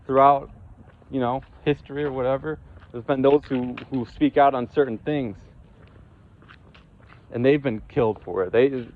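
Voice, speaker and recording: Angry ranting man, lo-fi sound. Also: medium pitch. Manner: ranting, heated and profane; repetitive, stumbling restarts. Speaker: vlogger. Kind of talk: angry monologue to camera.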